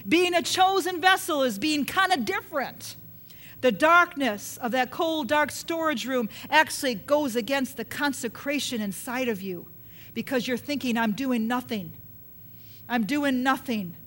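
A woman's voice: sits high, lively intonation, normal speed, sharp tone. A woman preaching a sermon, emphatic and repetitive, often putting questions to her listeners.

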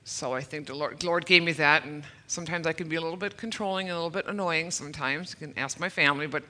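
Speaking fast in a low, pushed, bright voice, a fifty-something woman shares her testimony during church. She's emotional and sincere, slightly nervous, and now and then pokes fun at herself.

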